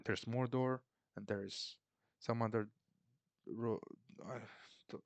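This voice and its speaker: A man's voice: medium pitch, fairly even intonation, slow, gravelly, no room sound. A man casually recapping a film in a rambling, sarcastic way, mocking the characters. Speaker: film reviewer.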